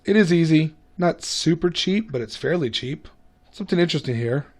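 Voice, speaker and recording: A man's voice: fairly high pitch, animated, a little fast. A man hosting a gaming video, giving casual gameplay commentary in a chatty, self-mocking way. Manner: chatty, self-mocking, hums and laughs to himself.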